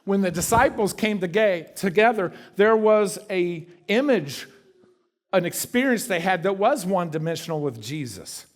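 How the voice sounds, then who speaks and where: Man preaching, slightly high voice. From Kentucky. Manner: conversational preaching with sudden drops to a soft hush. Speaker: guest preacher. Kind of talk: sermon. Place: church sanctuary.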